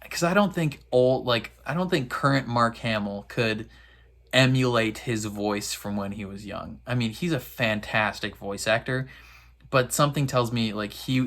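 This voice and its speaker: Man, casual reaction commentary, mid pitch, rambling, filler-heavy, laughs often. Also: fairly bright tone. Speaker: reaction video host.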